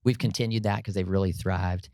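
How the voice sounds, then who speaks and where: A lower-pitched man spins an animated, humorous story for his listeners, drawing them in with frequent "right?" and "you know" asides. His voice sits close and dry in the recording, with no room sound around it. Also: brisk, no echo. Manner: energetic, peppers talk with "right?" and "like, you know"; addresses listeners directly, folksy and humorous. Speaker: podcast guest telling a personal story.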